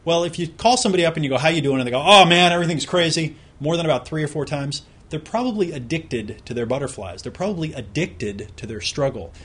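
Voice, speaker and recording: Man, course instructor, slightly husky, chatty explainer who talks straight to the listener. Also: on the high side, animated, quick pace, few pauses. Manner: conversational, explaining with examples and direct questions to the listener. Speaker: self-help course instructor. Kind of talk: recorded productivity lesson.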